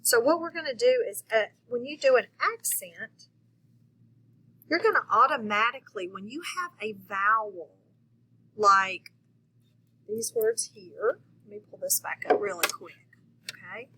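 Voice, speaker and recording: A woman's voice: on the high side, very animated, a little slow, creaky, sharp tone, slightly rough, low-quality recording. A woman teacher giving a patient phonics lesson to young children, checking in often with them.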